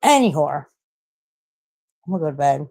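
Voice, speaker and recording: A woman's voice: low voice, sing-song, normal speed, gravelly, warm tone. A woman in her forties chatting casually on a late-night live stream, rambling, swearing a lot and laughing at herself. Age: 40s.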